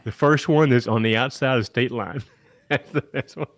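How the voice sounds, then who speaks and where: A man's voice: mid-range voice, normal speed, no echo. A man co-hosting a podcast in casual chat, who teases and good-humoredly corrects his partner. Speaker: podcast co-host.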